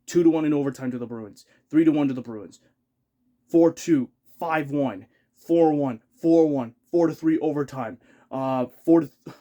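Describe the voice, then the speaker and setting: A man's voice: a little high, unhurried, dark tone. A man ranting as a hockey fan in a vlog, exasperated, repeating himself and swearing in rising outbursts.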